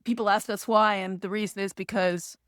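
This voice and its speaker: A woman being interviewed as a podcast guest. She tells a story in an animated way, acting out the dialogue and laughing now and then. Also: mid-range voice, brisk, clear, resonant tone, no room sound, clean studio sound.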